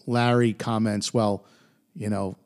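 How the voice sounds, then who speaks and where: A man hosting a podcast, recapping a TV episode in an animated way. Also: on the low side, takes it slowly. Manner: animated retelling with put-on quote voices. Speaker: podcast host.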